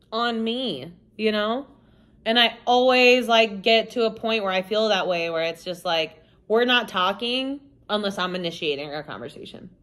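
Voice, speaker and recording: A woman's voice: mid-range voice, fairly bright tone. A young woman from the United States talking casually to the camera in a vlog, candid and rambling, with lots of "like" and "you know". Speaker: vlogger. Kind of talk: casual confessional chat to camera.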